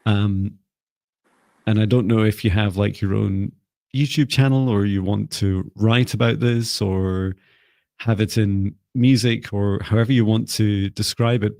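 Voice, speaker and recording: A man co-hosting a live stream, giving gentle, meandering psychic readings with many fillers. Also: on the low side, gravelly, dry recording. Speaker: psychic reader, co-host.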